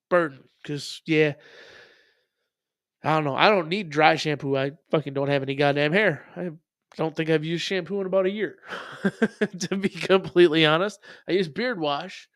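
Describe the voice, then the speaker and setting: A man's voice: fairly high pitch, moderate pace, fairly bright tone, dry recording, clean studio sound. A man in his thirties hosting a casual live stream, rambling and profane with many ums. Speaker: streamer host reacting to music.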